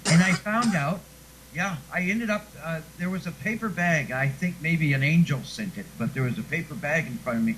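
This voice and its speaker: A man's voice: fairly high pitch, moderate pace, fairly bright tone, slight background noise, rough recording. A man being interviewed who once read radio news, telling chatty stories and laughing often. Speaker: guest; former radio newscaster. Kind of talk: casual chat.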